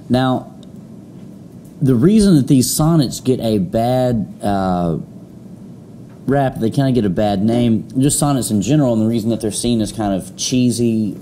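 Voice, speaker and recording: Male teacher lecturing a class, low and warm, lots of ums and restarts. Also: slight background noise. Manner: rambling, many fillers and restarts.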